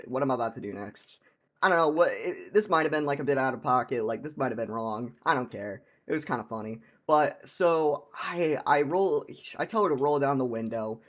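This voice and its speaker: A man's voice: medium pitch, breathy edge. A young man telling a casual storytime vlog anecdote, rambling, repeating words and laughing.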